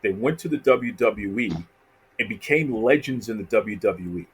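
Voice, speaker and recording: A man's voice: on the low side, expressive, normal speed, breathy edge. A man hosting a podcast, recapping a career with enthusiasm and repeated phrases before handing a question to his guest. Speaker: podcast host. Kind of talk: casual interview.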